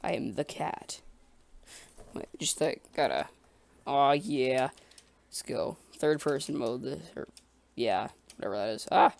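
A man giving casual let's-play commentary, excitable and talking to himself and the creatures in the game. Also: mid-range voice, a little slow, creaky. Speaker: gamer.

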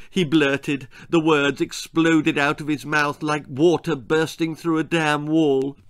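A middle-aged man narrating his own children's story in an expressive, dramatic way. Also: fairly high pitch, takes it slowly, hardly any pauses, clear, resonant tone.

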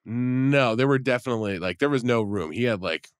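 A man's voice: medium pitch, brisk, smooth, no echo, clean studio sound. A man who is a regular on a podcast, telling a rambling story and acting out the quotes. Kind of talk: casual anecdote telling.

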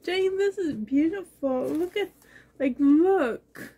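A woman unboxing gifts in a vlog, gushing with breathy exclamations and sounding shaky and emotional. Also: sits high, lively intonation, takes it slowly, mellow, a little hiss or hum. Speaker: reborn doll collector vlogger.

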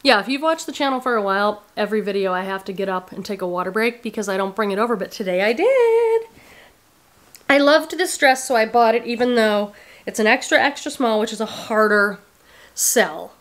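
A woman's voice: fairly high pitch, lively intonation, a little fast. Chatty upbeat woman vlogger. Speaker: reseller vlogger. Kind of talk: casual haul chat to camera. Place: thrift store and car, indoors and out.

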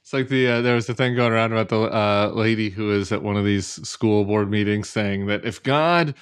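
A man as a podcast guest talking politics in an animated, exasperated, sardonic way with tumbling restarts. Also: fairly low pitch, a little fast, clean tone, no room sound.

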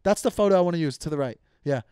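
A man's voice: fairly high pitch, expressive, rapid-fire, mellow, clear, resonant tone, no room sound, studio quality. A young man hosting a comedy podcast, ranting casually with heavy swearing and frequent stumbles and restarts. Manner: profane, rambling with many restarts. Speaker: podcast host.

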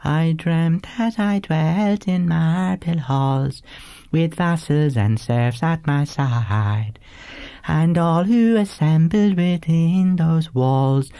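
A man voicing a shy spinster woman who sings in a tiny, quavering voice, slow and high. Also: warm tone, no room sound. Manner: slow, high sung melody.

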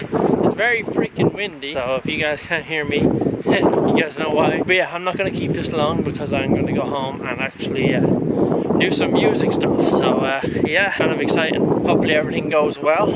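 A young man in his twenties with an Irish accent, rambling playfully in a casual vlog. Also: on the high side. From Ireland. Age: 20s. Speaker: vlogger. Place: at home and walking outdoors. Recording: roomy echo with faint noise.

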